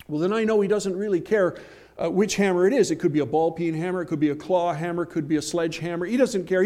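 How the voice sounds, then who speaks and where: A man preaching a sermon, emphatic, slowing and swelling on key phrases, with folksy asides and homely examples. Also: high-pitched, darkish tone. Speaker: pastor.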